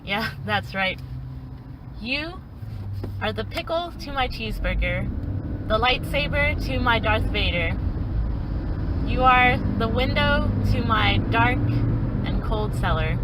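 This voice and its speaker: Young woman, slow playful delivery, bright-ish voice, traffic noise outside. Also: fairly high pitch. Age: young adult. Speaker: student club member. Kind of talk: recorded farewell message.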